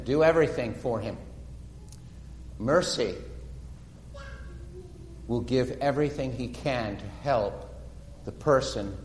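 A man preaching a sermon, retelling stories dramatically and slowing down for emphasis. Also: medium pitch, a little hiss or hum. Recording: echoey hall reverb.

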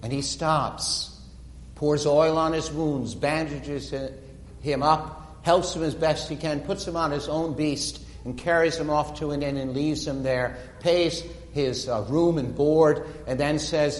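A man preaching a sermon, retelling stories dramatically and slowing down for emphasis. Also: on the high side. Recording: echoey hall reverb.

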